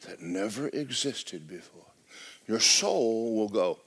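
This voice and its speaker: A middle-aged male pastor, preaching loudly and with life, often dropping to a hush. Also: fairly low pitch, a little slow. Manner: loud, lively preaching with sudden drops to a hush. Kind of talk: sermon. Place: church.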